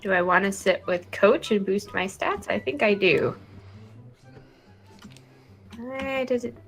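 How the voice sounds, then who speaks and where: A woman's voice: medium pitch, slow, creaky, faint music behind. A woman chatting playfully while playing a video game, reading game text and giggling between lines. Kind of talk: casual gaming chat.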